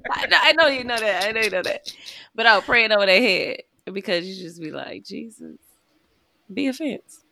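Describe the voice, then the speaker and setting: A woman, chatting casually as a podcast co-host and answering with quick affirmations and laughter. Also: mid-range voice, expressive, vocal fry, bright, forceful tone, no room sound. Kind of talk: casual chat.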